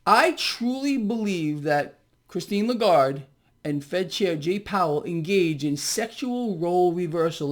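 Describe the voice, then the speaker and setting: A man's voice: high-pitched, lively intonation, normal speed. A man hosting a ranting finance commentary, sarcastic and heated, mocking the news he reads out. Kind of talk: ranting monologue to viewers.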